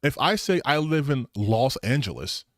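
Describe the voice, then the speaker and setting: A man's voice: mid-range voice, very animated, moderate pace, no echo, clean studio sound. A man hosting a gaming channel, giving heated, sarcastic, profane reaction commentary on a video.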